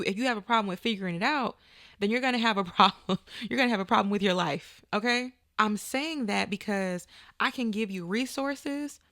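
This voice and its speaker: A woman's voice: mid-range voice, gravelly, a bit bright, dry recording, studio quality. A woman hosting a podcast and giving an emphatic, motivational talk in casual, colloquial speech, with preachy turns and playful asides. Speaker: podcast host. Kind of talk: motivational monologue.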